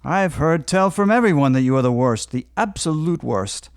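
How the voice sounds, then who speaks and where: A man's voice: fairly high pitch, expressive, moderate pace, clean tone, dry recording, clean studio sound. A man playing a snarky, bored devil with a sarcastic, wry delivery.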